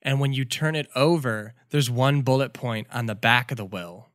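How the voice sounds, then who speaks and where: A young adult man narrating a tabletop game as game master, measured and soft, with frequent "um"s. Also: medium pitch, no echo, clean studio sound.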